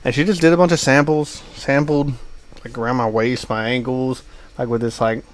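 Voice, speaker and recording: A man's voice: medium pitch, steady tone, moderate pace. A man co-hosting a podcast, telling a long travel anecdote in casual chat, full of fillers like "uh" and "like". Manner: rambling anecdote with many fillers. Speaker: podcast co-host.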